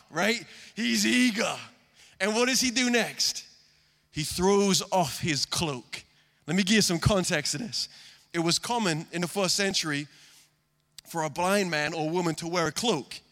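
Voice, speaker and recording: A man preaching a sermon from a stage, earnest, moving between loud emphasis and hushed lines. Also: high-pitched, long reverb tail. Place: stage before a live congregation.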